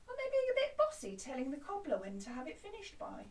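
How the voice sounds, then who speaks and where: A woman music teacher giving a lively, encouraging lesson to young children, chanting along with them. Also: high voice, fast talker, hardly any pauses, distant mic. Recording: roomy, from off mic.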